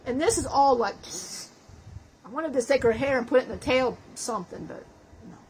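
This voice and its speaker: A woman's voice: sits high, expressive, normal speed, a little hiss or hum, poor audio. A woman channeling the spirit of a dead man in a session, talking in a profane, self-mocking way and laughing often. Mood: brash joking.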